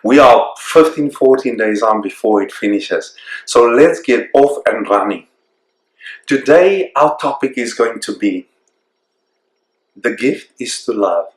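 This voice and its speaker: A man hosting a self-discovery program, speaking earnestly and reflectively and slowing down to stress key points. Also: mid-range voice, animated. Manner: earnest, reflective, slows down for emphasis. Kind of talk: motivational talk to camera. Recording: echoey room.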